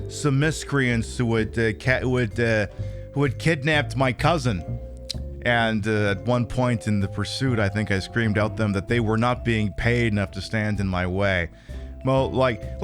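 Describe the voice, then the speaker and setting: Male streamer host, lively pitch, casual and sweary. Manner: profane, animated, rambling. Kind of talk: casual live-stream game commentary.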